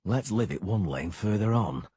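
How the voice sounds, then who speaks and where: A man's voice: on the low side, animated, normal speed, mellow, husky, dry recording. A man voicing a terse, dry monster hunter in an audiobook. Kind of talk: audiobook character voice.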